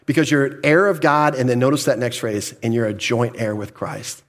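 A man's voice: mid-range voice, fairly even intonation, normal speed. A man pastor preaching a sermon, putting questions to the congregation, answering them himself, and chuckling now and then.

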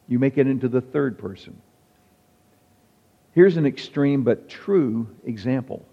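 A man's voice: medium pitch, animated, unhurried, pauses often, dark tone. A male pastor preaching a sermon in a conversational, wry manner, quoting examples as he goes. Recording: dull sound with long hall reverb.

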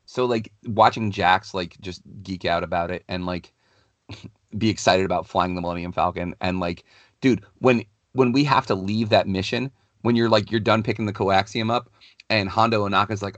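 A middle-aged man, a podcast co-host, telling a story in a casual, animated way full of fillers, fighting a cold. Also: lowish voice, normal speed, no room sound. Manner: animated, rambling, many "like" fillers. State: has a cold, clears throat.

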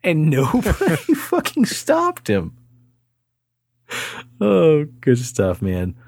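A man in his thirties co-hosts a casual podcast and spins a crude anecdote with lots of laughter. His pitch swings widely, and the sound is dry and close to the mic. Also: very slow, gravelly, no room sound. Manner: animated, crude, laughing storyteller. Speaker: podcast host. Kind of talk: casual storytelling chat.

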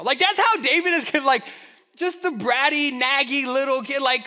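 A man preaching a sermon in a relaxed, conversational way. His voice sits very high and sounds bright and forceful. He often restarts phrases and adds rhetorical asides. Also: normal speed. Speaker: pastor.

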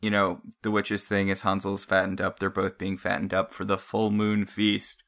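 A co-host of a casual recap chat, speaking in a bright, crisp tone. The talk rambles and drifts off on side tangents. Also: low-pitched, monotone, moderate pace. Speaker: podcast co-host.

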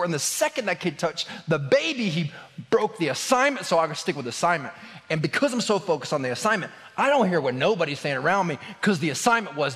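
A man's voice: high-pitched, a bit bright, long reverb tail. A man preaching a sermon as a pastor, telling a funny story with lots of laughter and filler words. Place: church.

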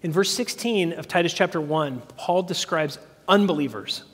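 A man's voice: fairly high pitch, normal speed, breathy edge, in a large hall. A man preaching a sermon as pastor, earnest and asking the congregation questions as he goes.

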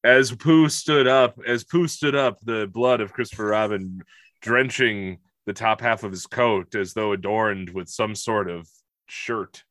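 A man voicing a gloating male storyteller in an overdone mock-Russian accent, narrating with dark, overblown drama. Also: lowish voice, fairly even intonation, a little slow, dry recording. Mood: gloating, grim.

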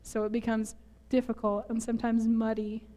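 A woman's voice: fairly high pitch, flat delivery, moderate pace, warm tone. A woman from northern Minnesota preaching a sermon in a church, chatty and self-deprecating, laughing often at herself.

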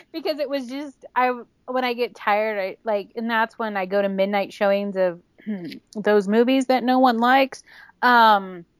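Giggly fast-talking woman, higher voice. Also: no echo. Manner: giggly, fast storytelling with acted-out quotes. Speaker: guest. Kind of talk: casual podcast chat.

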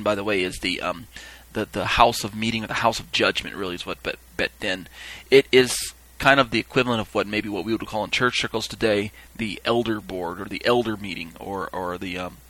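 A man's voice: on the low side, pushed and bright, dry recording, rough recording. A man teaching a sermon, reading quoted texts aloud and explaining them in an easygoing, explanatory way. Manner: explanatory, acts out quoted call-and-response with raised voice. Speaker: Bible teacher.

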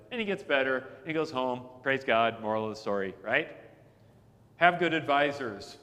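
A man's voice: mid-range voice, lively intonation, normal speed, bright, forceful tone. A middle-aged man, a pastor, preaching a chatty sermon, telling anecdotes and repeating words as he builds each point. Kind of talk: conversational sermon. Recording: long hall reverb.

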